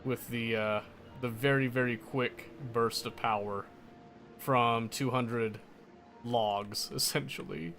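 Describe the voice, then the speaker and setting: A man talks through a building game at an unhurried pace, thinking out loud. He mutters to himself and corrects his own slips as he plays. Soft game music runs faintly under his voice. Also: medium pitch, fairly even intonation, gravelly. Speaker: gameplay streamer. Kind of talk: casual gameplay commentary.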